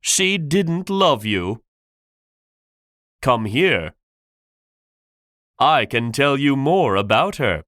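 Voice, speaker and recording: A man's voice: mid-range voice, big pitch swings, extremely slow, long pauses, fairly bright tone, no room sound, studio quality, full character voice. A man doing a cold, taunting peacock villain. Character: cruel scheming male peacock villain.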